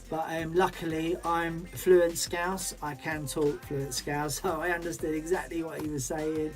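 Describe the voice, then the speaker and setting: A man's voice: a little high, steady tone, normal speed, hardly any pauses, faint music behind. A man hosting as a DJ, chatting casually and upbeat, with loose slangy talk. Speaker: DJ and show host. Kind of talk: casual livestream chat.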